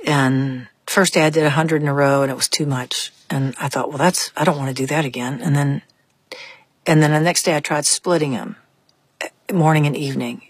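A woman's voice: sits low, steady tone, a little fast, slightly rough, no echo. An older woman, a musician guest, telling stories in a reflective, thinking-aloud way during a casual interview.

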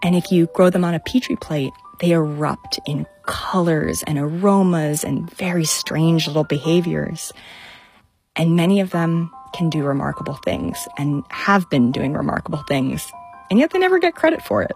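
A woman's voice: low voice, animated, normal speed, creaky, darkish tone, soft background music. A young adult woman scientist telling her own story with vivid enthusiasm. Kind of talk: storytelling talk.

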